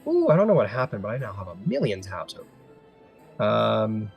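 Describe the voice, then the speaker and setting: Casual male game master, low voice. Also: huge pitch swings, gravelly, highs cut off, soft background music. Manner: casual, halting, many fillers. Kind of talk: narrating a tabletop game.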